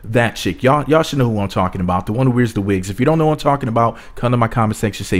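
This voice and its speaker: A man's voice: mid-range voice, lively intonation, racing, hardly any pauses. A man talking bluntly to camera in a casual commentary vlog, rambling with many restarts. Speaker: YouTube commentator.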